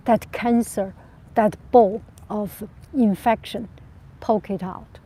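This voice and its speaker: Slow, mellow-voiced woman hosting a live chat. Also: medium pitch, fairly even intonation, breathy edge. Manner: earnest, reflective, repeats and rephrases words. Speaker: livestream host. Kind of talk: live chat answering viewer questions.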